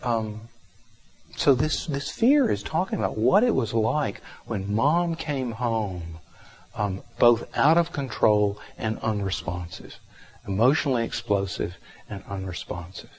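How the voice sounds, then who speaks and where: Gentle low-voiced man teaching meditation. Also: sing-song, husky. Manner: gentle, unhurried, with frequent fillers and pauses. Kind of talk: reflective dharma talk with case story.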